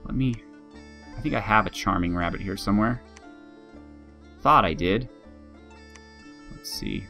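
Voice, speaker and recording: Chatty low-voiced man over faint guitar. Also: normal speed, pauses often, sharp tone. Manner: chatty, laughs at his own jokes. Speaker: game video host. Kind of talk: casual let's-play commentary. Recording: faint guitar music behind.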